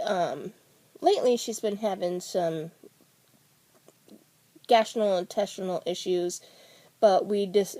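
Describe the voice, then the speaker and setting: A woman's voice: mid-range voice, darkish tone. A middle-aged woman vlogger telling a family story in a rambling, casual way, with many fillers and restarts.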